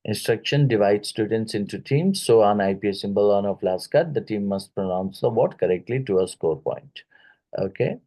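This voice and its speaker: A man with an Indian English accent and a lowish, dark-toned voice gives a phonetics lecture aimed at exam prep. He speaks haltingly with plenty of fillers, modeling sounds by slowly repeating words, and the recording is rough.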